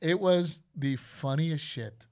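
Middle-aged man, casual storytelling, animated, acts out quotes, swears freely, somewhat higher voice. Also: takes it slowly, clean tone. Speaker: host.

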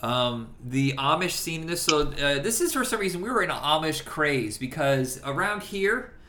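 A man's voice: on the high side, expressive, normal speed, bright, forceful tone, reverberant. A man from Indiana co-hosting a casual, profane movie chat, quoting film lines in put-on voices. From Indiana, USA. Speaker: podcast co-host.

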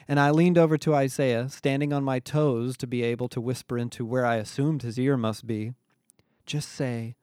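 A man's voice: medium pitch, darkish tone, no echo, studio quality. A man reading a first-person story aloud in a wry, sardonic manner. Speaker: audiobook narrator. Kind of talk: scripted first-person narration.

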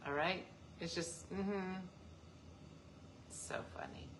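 A woman's voice: lowish voice, takes it slowly, fairly bright tone, a little hiss or hum. A woman hosting a casual live stream, joking and teasing as she answers viewer comments. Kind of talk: casual chat.

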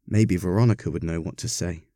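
A man reading a story aloud, narrating in an expressive, wry manner. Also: deep voice, fairly quick, dry recording, studio quality.

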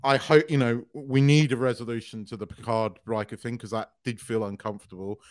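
A man co-hosting a podcast in casual chat, excitable, swearing freely and laughing often. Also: mid-range voice, fairly quick, no echo, clean studio sound. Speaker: podcast co-host.

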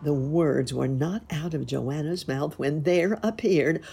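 A woman reading a folk tale aloud in a gentle, measured way. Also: sits low, vocal fry, slight background noise. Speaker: storyteller. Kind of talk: storybook reading.

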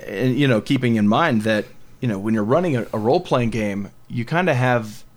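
A man chatting casually as podcast host, quick to joke and laugh. He keeps things loose and friendly between points. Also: mid-range voice. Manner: joking, laughs often. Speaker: game master and podcast host. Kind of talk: casual discussion.

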